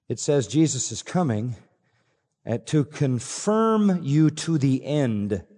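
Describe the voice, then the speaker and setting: A man's voice: mid-range voice, warm tone. A man preaching a sermon, earnest and emphatic, repeating key phrases for weight. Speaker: pastor. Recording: long hall reverb.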